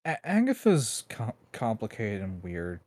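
A man's voice: on the low side, huge pitch swings, a little slow, darkish tone, no room sound. A man co-hosting a podcast, chatting casually with dry, wry remarks. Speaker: podcast co-host. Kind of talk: casual chat.

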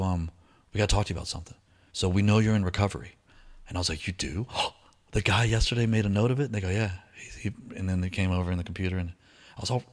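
A middle-aged man with a low voice shares his recovery story in a casual, slangy style, slipping into lively voices whenever he quotes someone.

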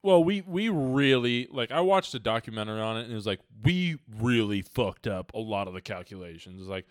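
A man's voice: medium pitch, animated, a little fast, clear, resonant tone, dry recording. Swearing, jokey man in a dry room. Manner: loose, profane, jokey storytelling. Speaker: podcast co-host. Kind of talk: casual chat.

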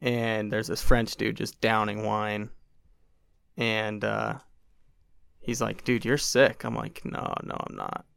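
A young podcast guest speaks slowly with long pauses, his lowish voice smooth with vocal fry, captured in a dry, studio-quality recording. Telling a long story in casual chat, he stays animated, acting out what people said and using many "like" fillers.

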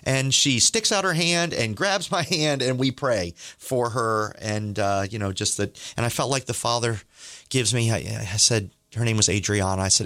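A man's voice: medium pitch, normal speed, bright, forceful tone, no room sound, clean studio sound. A middle-aged man hosting a faith podcast, telling stories in an earnest, eager way. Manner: earnest, eager, acts out quoted dialogue. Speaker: podcast host. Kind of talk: testimony storytelling.

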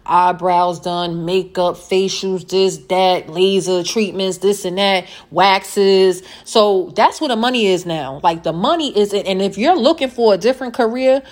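A woman's voice: lowish voice, measured pace, few pauses. A woman telling a casual storytime monologue in a chatty, emphatic way, repeating phrases to drive her points home. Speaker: vlogger telling a work story.

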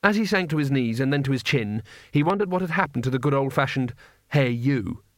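A man narrating an audiobook in a measured, wry storytelling manner. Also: mid-range voice, animated, fairly bright tone, no room sound, studio quality.

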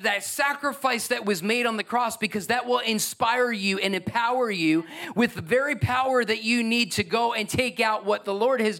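A man preaching from the pulpit with a notably high-pitched voice. His delivery is earnest and emphatic, with frequent restarts as he presses his points, speaking into a microphone before a church congregation. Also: bright, forceful tone. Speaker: pastor. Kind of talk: sermon. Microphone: handheld or stage microphone.

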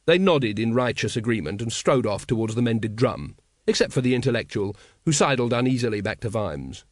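A man narrating an audiobook in a wry, expressive way. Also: medium pitch, fairly quick, no room sound, studio quality.

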